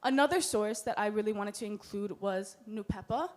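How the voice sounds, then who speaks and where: A woman's voice: medium pitch, moderate pace. A young woman with a Hawaiian accent giving an earnest, heartfelt symposium presentation, with Hawaiian words in her speech. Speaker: student presenter. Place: lecture hall.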